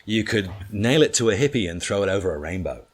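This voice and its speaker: A man with a fairly low voice tells rambling comic anecdotes in a relaxed conversational way. His delivery is animated and salty, full of swearing and punchlines. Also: fast talker, husky. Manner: animated, profane, comic storytelling. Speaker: guest storyteller. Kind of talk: casual anecdote telling.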